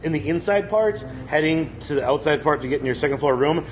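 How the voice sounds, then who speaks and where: A man's voice: on the high side, lively intonation, fast, a little hiss or hum. Rambling, laughing storyteller man. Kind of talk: casual storytelling chat.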